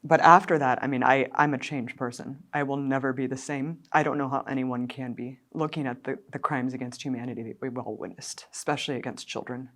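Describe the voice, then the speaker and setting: A woman with a notably low voice speaks as an interview guest. She talks with fierce, indignant passion. Her emotion runs close to the surface and at times nears tears. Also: fairly even intonation, brisk, hardly any pauses, fairly bright tone. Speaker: guest, documentary filmmaker.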